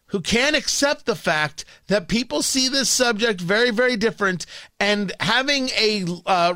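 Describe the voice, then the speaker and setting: A man's voice: sits high, bright, forceful tone, smooth, dry recording, clean studio sound. A man from New York with a New York accent, a morning talk radio host giving a sarcastic, combative monologue and often repeating words as he rambles.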